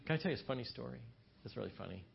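A man in the middle pitch range teaches a church marriage seminar, telling homely stories with a folksy, conversational touch. He often restarts his sentences and adds asides as he talks to the room. The recording sounds a little dull and low in fidelity. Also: expressive, very fast, creaky, slight background noise.

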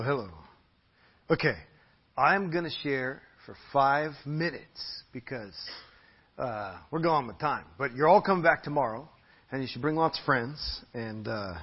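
A man preaching a sermon in a church, emphatic and animated, drawing out key phrases slowly. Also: on the high side, husky. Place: church hall. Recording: dull lo-fi church audio.

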